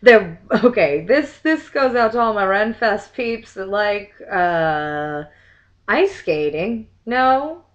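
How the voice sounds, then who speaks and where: A woman's voice: medium pitch, expressive, slow pace. A young woman vlogger in a casual chat, reading limericks aloud in a theatrical sing-song way and dropping to muttered asides between them.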